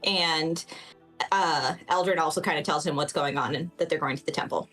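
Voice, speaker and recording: A woman's voice: deep voice, normal speed, fairly bright tone, soft background music, rough recording. A woman giving a chatty, laughing recap of a tabletop game session, with many fillers.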